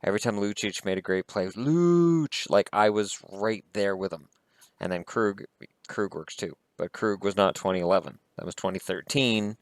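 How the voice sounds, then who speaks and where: Low-voiced man ranting about hockey. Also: fairly even intonation, normal speed, dry recording. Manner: heated, blunt and profane. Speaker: hockey vlogger. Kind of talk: casual opinion rant.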